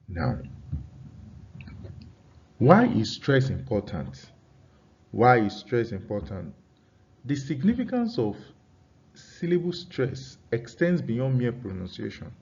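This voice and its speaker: A man teaching an English pronunciation lesson, dictating deliberately and repeating key phrases so students can take notes. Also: mid-range voice, a little mellow. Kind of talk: classroom-style dictated lesson. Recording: slightly dull lo-fi recording.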